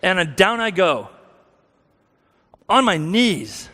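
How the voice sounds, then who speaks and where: A man's voice: high voice, very animated, slow pace, bright, forceful tone. A man giving a candid, self-deprecating personal testimony as a guest speaker in a church, with many restarts. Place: church sanctuary. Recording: long hall reverb.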